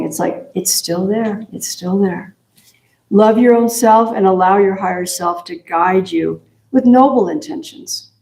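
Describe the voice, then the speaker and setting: A woman's voice: mid-range voice, gravelly, mellow, reverberant, rough recording. A woman minister giving a folksy, chatty sermon full of affirmations. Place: church sanctuary.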